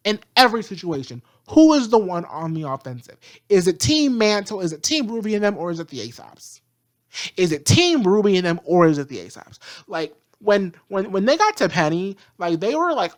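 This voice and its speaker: Casual reviewer, heated and profane, keeps circling back to the same rhetorical questions. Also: mid-range voice. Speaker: show reviewer.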